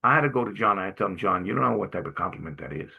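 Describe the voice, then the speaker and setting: A middle-aged man from Brooklyn, a jovial, animated guest speaker telling stories to a class and often clearing his throat. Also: low-pitched, rapid-fire, narrow, tinny audio. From Brooklyn, New York. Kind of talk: storytelling talk to a class.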